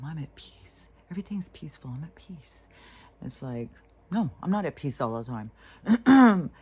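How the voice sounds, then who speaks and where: A woman in a casual vlog monologue, talking candidly and rambling, with pauses and restarts. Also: a bass voice, a little mellow. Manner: candid, rambling, mocks serene voices in breathy whispers. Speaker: vlogger.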